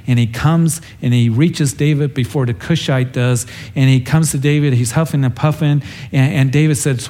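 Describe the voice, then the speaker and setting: A man's voice: mid-range voice, fairly even intonation, normal speed, few pauses, mellow. A man preaching as pastor, teaching through a Bible story in an earnest, conversational way and acting out the characters' lines. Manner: storytelling, acts out the characters with a raised voice.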